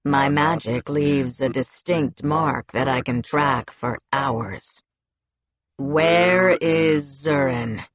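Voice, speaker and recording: A woman's voice: sits low, measured pace, dry recording, pitched below the performer's own voice. A woman reading an audiobook, voicing a cold, menacing male military commander with a cutting, taunting tone.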